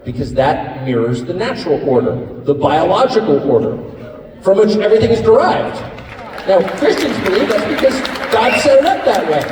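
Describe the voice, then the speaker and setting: A man's voice: high-pitched, big pitch swings, normal speed. A man giving a joking, sarcastic speech to a live audience, mimicking his opponents. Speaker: speaker at a live event. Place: large hall with audience. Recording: echoey hall recorded from far off with crowd noise. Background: crowd laughter and hall noise.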